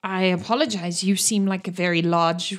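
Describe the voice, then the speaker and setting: A woman's voice: lowish voice, fairly even intonation, moderate pace, natural voice. A woman voicing a curt male waiter at a fantasy buffet, dry and matter-of-fact. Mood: flustered.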